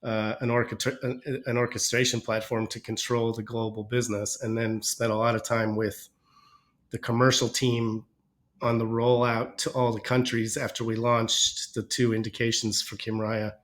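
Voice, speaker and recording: A man with a stuffy, nasal voice from a cold, speaking as a podcast guest at a mid-range pitch. He rambles through his story and often corrects himself partway through. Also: level tone, normal speed, fairly bright tone. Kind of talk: casual interview chat.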